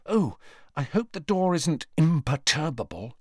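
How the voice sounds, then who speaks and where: Fretful clever teen girl, raised high and hushed, as a male narrator puts her on. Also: very animated, a little slow, slightly rough, dry recording, studio quality, full character voice. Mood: urgent. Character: anxious clever teenage girl, Hermione.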